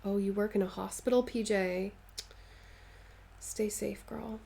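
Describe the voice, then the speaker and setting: A woman's voice: mid-range voice, fairly even intonation, unhurried, vocal fry, dark tone, breathy edge. A woman chatting casually on a live stream while she stitches, answering viewers' comments and playfully dramatizing her stories.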